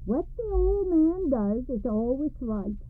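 A woman's voice: medium pitch, animated, normal speed, faint music behind. A woman doing a contented old farmer. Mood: easygoing. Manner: easygoing, unbothered. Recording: tinny lo-fi radio recording.

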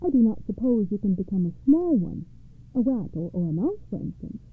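Woman doing a sly flattering cat. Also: mid-range voice, a little fast, slightly rough. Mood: coaxing. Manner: polite, coaxing. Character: sly smooth-talking cat, male, flattering. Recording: tinny phone-like radio sound.

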